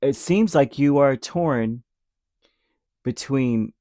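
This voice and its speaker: Speaking slowly in a dark, medium-pitched voice, a man gives an easygoing tarot reading that rambles and is full of fillers. He sometimes acts out brief imagined quotes, and the clean studio recording has no echo.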